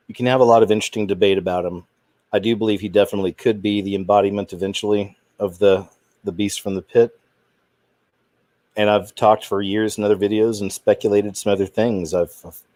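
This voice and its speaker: A man's voice: fairly low pitch, warm tone, no echo. A man hosting his own channel, talking in a rambling, indignant commentary with trailing restarts. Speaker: channel host. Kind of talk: casual commentary monologue.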